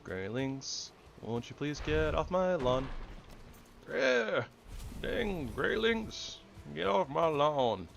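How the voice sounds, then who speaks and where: A man voicing a cranky old man who shouts at pests to get off his lawn, in a strained high shout. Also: big pitch swings, takes it slowly, creaky, a little hiss or hum, full character voice.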